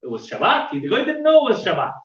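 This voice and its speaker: A man's voice: high-pitched, huge pitch swings, fast, slight background noise. A man teaching a weekly Torah class, telling a story with lots of fillers and restarts. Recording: roomy, dull sound from a distant mic.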